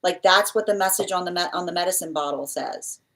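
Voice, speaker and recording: A woman's voice: lowish voice, a little fast, fairly bright tone. Female tarot reader, live reading; rambling, repetitive delivery, acts out the spirit messages she relays. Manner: rambling, repeats phrases, voices spirit messages.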